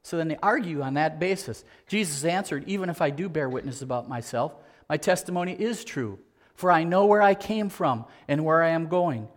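A male pastor preaching a sermon with a fairly high voice. He repeats phrases for emphasis and keeps asking the listeners rhetorical questions. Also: lively intonation, brisk.

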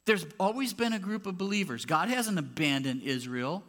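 A man's voice: high voice, lively intonation, moderate pace, fairly bright tone. A man preaching a sermon as pastor of a church, conversational and emphatic when making a point. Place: church sanctuary. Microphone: handheld or clip mic with popping.

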